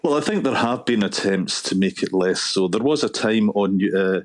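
A man with a Paisley Scottish accent, a linguistics professor speaking in a radio interview in a measured way, with frequent "uh" fillers. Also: fairly low pitch, lively intonation, no echo. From Scotland.

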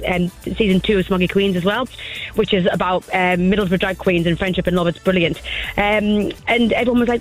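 A woman talks quickly and eagerly as a guest on a radio show, tumbling over her words in excitement. She gushes about her work, and faint music plays behind her voice. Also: mid-range voice, low-quality recording. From North of England. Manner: enthusiastic, gushing, repeats words when starting sentences. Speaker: actress guest. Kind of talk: radio interview chat.

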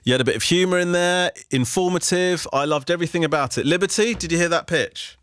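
A man's voice: fairly high pitch, quick pace, fairly bright tone, smooth, no echo. A man hosting a radio phone-in, chatty and encouraging with callers. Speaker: radio show host.

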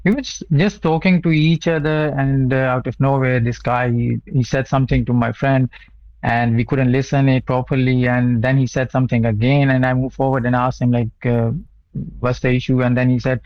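A young man from Asia, not an English speaker, calling in to a radio show and telling what happened to him in a halting way, with many repeated words and fillers. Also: mid-range voice, fairly even intonation, no echo. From South Asia. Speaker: caller. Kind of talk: phone-in radio call, personal account. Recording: dull muffled line.

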